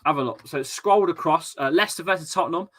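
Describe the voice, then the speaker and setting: A young English man chatting through a live football watchalong stream, reading comments and cracking jokes. His voice is bright and forward. He rambles and stumbles over his words as he talks. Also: a little high, very fast. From England. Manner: chatty, jokey, repeats himself and stumbles on words. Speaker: host of a fan watchalong stream.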